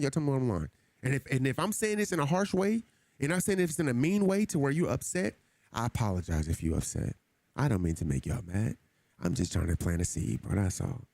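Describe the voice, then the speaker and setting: Speaking at medium pitch with a little mellowness and no echo, this gaming streamer addresses his chat casually. He comes across as earnest and preachy, often saying the same things again.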